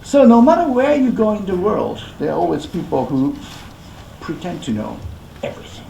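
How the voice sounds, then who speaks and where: A rakugo performer who leads a live audience through gestures in a playful, coaxing way, giving step-by-step instructions. The delivery is very lively in pitch and is heard in an echoey hall. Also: normal speed, gravelly, slight background noise.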